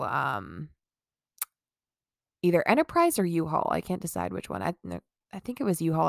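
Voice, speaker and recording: A young woman vlogger telling a casual storytime in a lowish voice with a gravelly edge. She rambles through it with constant "like" fillers, swearing and bursts of laughter. The sound is dry and close, with no room echo.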